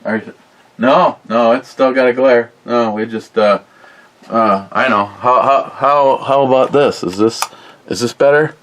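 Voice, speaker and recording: A man's voice: medium pitch, a little slow, fairly bright tone, poor audio. A man hosting a casual live stream, reading viewer comments aloud and answering them with crude, rambling jokes and lots of fillers. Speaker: beer review livestream host.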